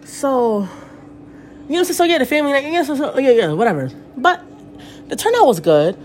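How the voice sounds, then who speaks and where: A woman in her thirties rants in a loose, rambling way, swearing often as she tells her story. She talks quickly, and her pitch swoops up and down. Her voice sits a little high for a woman. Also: slight background noise. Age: 30s. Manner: animated, profane, rambling storytelling. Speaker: podcast host. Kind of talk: casual rant.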